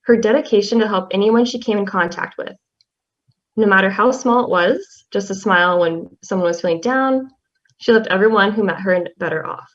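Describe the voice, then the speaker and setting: Soft-spoken young woman, halting. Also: mid-range voice. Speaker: class representative. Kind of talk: reading a tribute poem. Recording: slightly dull lo-fi audio.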